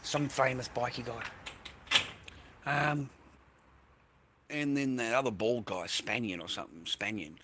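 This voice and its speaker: A man's voice: medium pitch, unhurried, long pauses, fairly bright tone, slight background noise. An Australian man on a livestream, delivering a crude, rambling rant full of swearing and repeated phrases.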